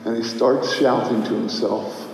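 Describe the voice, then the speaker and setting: A male pastor preaches with fervor, rising to near shouts and dropping to quiet prayer. His mid-pitched voice rings through a large, echoing church hall with a long reverb tail and faint ambient noise. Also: fairly even intonation, unhurried, creaky, distant mic. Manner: impassioned, swinging between shouting and hushed prayer. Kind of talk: sermon. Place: church sanctuary.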